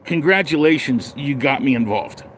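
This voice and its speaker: On a casual livestream, a man rants bluntly and sarcastically before rambling through viewer comments. His mid-range voice is expressive and fairly bright, at a moderate pace, with a little hiss or hum.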